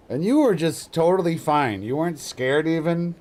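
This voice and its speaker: Streaming live, a man with a voice on the high side chats casually at a moderate pace. He's an animated storyteller who swears a lot and laughs often.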